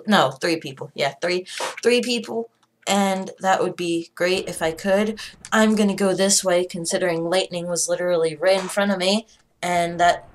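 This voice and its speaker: A woman commentating live on her own gameplay, excitable and frantic, repeating herself when things get tense. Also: medium pitch. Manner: excitable, frantic, repeats phrases under pressure. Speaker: gaming commentator.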